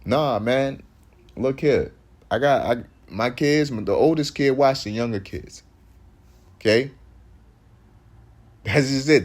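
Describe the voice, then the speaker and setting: A man's voice: mid-range voice, takes it slowly, pauses often. Rambling, emphatic man preaching in street talk. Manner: loose, rambling and emphatic, with repeated restarts.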